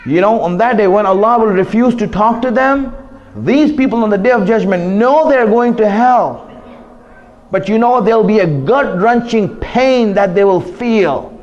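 A man giving an impassioned sermon, swinging between loud pleading and hushed, quiet asides. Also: sits high, moderate pace, lo-fi sound. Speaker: preacher.

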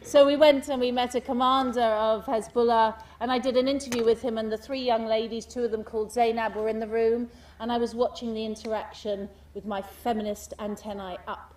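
A woman giving a speech to an audience, animated and full of rhetorical questions, mimicking the people in her stories. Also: a little high, fairly quick, few pauses, far from the mic, a little hiss or hum. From United Kingdom. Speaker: speaker giving a talk.

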